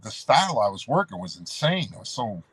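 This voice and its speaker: A man's voice: mid-range voice, big pitch swings, brisk, a bit bright, breathy edge, no echo. A man, a former pro wrestler, telling road stories as a guest in a casual, rambling way, calling the host "brother" and leaning on "you know". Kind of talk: casual storytelling.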